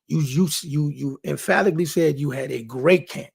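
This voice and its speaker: Gravelly dude on his sports show, talks boxing real emphatic, repeats stuff, slightly high voice. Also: normal speed, darkish tone. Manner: emphatic, repeats phrases, talks straight to people. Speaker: sports podcast host. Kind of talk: casual boxing commentary monologue.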